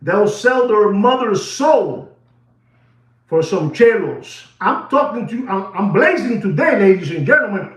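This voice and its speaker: A man's voice: high voice, sing-song, unhurried. A man hosting a watch market show, ranting heatedly and mixing English with Spanish slang. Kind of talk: ranting commentary. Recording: roomy, distant, dull sound.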